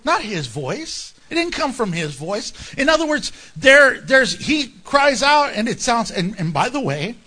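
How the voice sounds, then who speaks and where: A male pastor preaching with a high, bright voice that leaps up and down in pitch. He talks to the congregation in a conversational way, breaking into jokes and asides. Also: big pitch swings, measured pace, hardly any pauses. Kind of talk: sermon.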